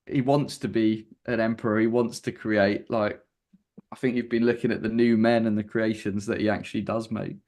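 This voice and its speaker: A man's voice: on the low side, little pitch movement, moderate pace, a little mellow. A man co-hosting a podcast who offers analytical, conversational takes on game lore. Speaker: podcast co-host. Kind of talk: casual lore discussion.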